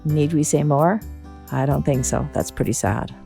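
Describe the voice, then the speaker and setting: A woman's voice: deep voice, normal speed, gravelly, over music. A woman from Canada with a Canadian accent reading a skeptics' newsletter, with wry asides. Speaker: newsletter reader. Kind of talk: scripted news read.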